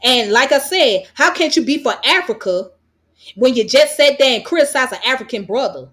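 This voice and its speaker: A woman's voice: high-pitched, expressive, moderate pace, a bit bright. An American woman vlogger delivering a heated commentary rant, blunt and profane, hammering her points with repetition. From United States.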